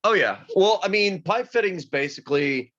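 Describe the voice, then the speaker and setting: A man's voice: sits high, expressive, a bit bright, a little hiss or hum. Rambling man on a dull lo-fi recording. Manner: rambling, halting storytelling with many fillers. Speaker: union pipefitter guest. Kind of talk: casual chat. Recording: slightly dull lo-fi sound.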